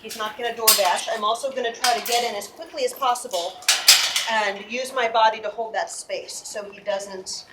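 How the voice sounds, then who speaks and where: Calm woman teaching from a kennel. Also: on the high side, moderate pace. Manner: calm, gentle explaining with frequent restarts. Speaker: shelter volunteer trainer. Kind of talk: hands-on teaching demo. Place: inside a dog kennel at an animal shelter. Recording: distant mic, faint background noise.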